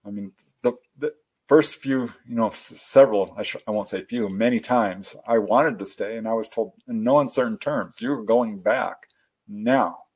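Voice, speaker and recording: A man telling personal stories as a guest in a casual interview, animated and laughing often. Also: lowish voice, normal speed, husky.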